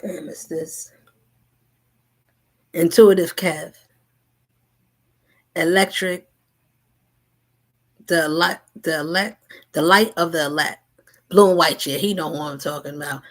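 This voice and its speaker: Woman, low gravelly voice, spiritual host, rhythmic and repetitive, whispers and loud asides. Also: steady tone, takes it slowly, pauses often. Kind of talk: spoken spiritual message.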